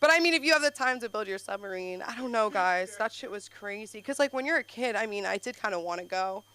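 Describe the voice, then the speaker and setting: A young woman at an open-mic comedy night, rambling in scattered bursts full of "like", swinging from mutters to loud shrieks. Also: mid-range voice, expressive, quick pace, dry recording. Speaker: stand-up comedian. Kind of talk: open-mic stand-up set. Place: comedy club stage.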